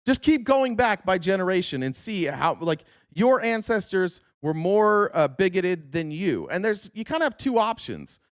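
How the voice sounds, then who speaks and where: A man live-streaming, arguing his points in a quick, rapid-fire rant. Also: high-pitched, very animated, dry recording, studio quality.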